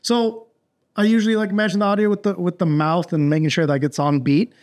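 A man's voice: sits high, little pitch movement, a little fast, darkish tone. A man hosting a podcast in loose, rambling casual chat, full of fillers and restarts. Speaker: podcast host.

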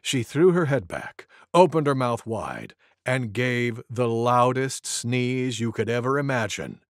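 A man reading a children's storybook aloud as a friendly male goose storyteller, in a slow, very lively sing-song way. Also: medium pitch, dry recording, studio quality. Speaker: storybook reader. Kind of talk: children's read-aloud narration.

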